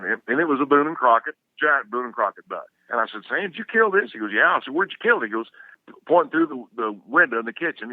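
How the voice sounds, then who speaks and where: A man's voice: medium pitch, dry recording. Folksy older man on a tinny line. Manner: folksy, restarts a lot. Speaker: guest, outdoor TV hunter. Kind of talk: rambling storytelling. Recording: dry, tinny phone-like sound.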